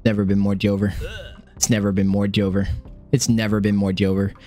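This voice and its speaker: A young man streaming a video game, swearing, repeating himself and swinging from high yelps to low mutters. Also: flat delivery, brisk, mellow. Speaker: gaming streamer. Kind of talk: live gameplay commentary. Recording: game music behind.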